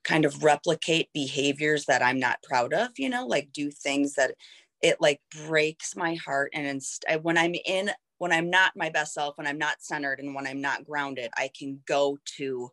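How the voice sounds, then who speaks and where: A woman's voice: deep voice, moderate pace, a bit bright. A candid woman in her thirties opens up as a guest in a heartfelt conversation. She talks in a reflective, searching way, leaning on "like" as she works through her thoughts. Her tone is frank and unguarded. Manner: reflective, frank, heavy use of "like".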